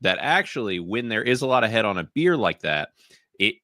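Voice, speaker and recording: A man in casual podcast talk with a bright, forceful voice that swings widely in pitch. He leans on "listen" and "you know" as he explains. The sound is dry and close. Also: sing-song, a little fast, no echo. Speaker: podcast guest.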